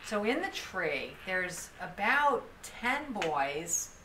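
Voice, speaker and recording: A woman telling a story to a group in a lively, animated way, often restarting her sentences. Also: on the low side, drawn-out words. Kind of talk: storytelling talk. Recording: echoey room from far off, faint noise.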